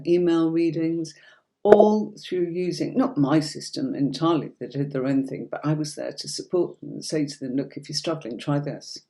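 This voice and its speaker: Chatty woman from Yorkshire, mellow voice. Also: deep voice. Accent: light Yorkshire English. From Yorkshire, England. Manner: chatty, reassuring, calls viewers darling. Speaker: tarot teacher. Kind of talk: livestream teaching and Q&A.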